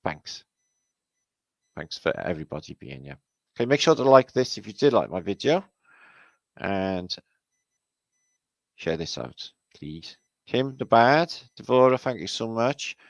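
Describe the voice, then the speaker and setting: A man hosting a livestream, chatting casually and giving rambling shout-outs to viewers. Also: on the low side, very animated, a little slow, creaky, long pauses, no echo. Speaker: livestream host.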